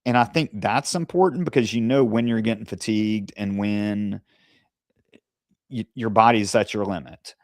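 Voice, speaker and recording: A man co-hosting a casual discussion, speaking in a measured, careful way with pauses and fillers. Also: lowish voice, no room sound, studio quality. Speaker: co-host.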